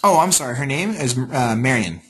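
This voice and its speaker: A man's voice: mid-range voice, lively intonation, a bit bright, breathy edge. A man being interviewed about his staffing company, easygoing and salesy. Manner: easygoing, salesy, quick to agree. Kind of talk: casual business interview.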